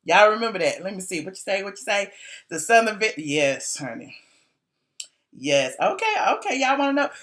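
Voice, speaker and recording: A woman's voice: medium pitch, sing-song, brisk, fairly bright tone. A woman blogger spilling gossip in a casual live stream, talking animatedly with slangy asides into her phone camera.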